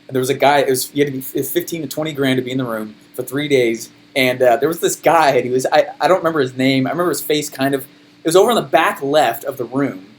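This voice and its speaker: A high-energy man coaching salespeople, speaking at a medium pitch. His delivery is emphatic and animated. Faint noise hums behind him. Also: fast. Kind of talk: coaching call to a group.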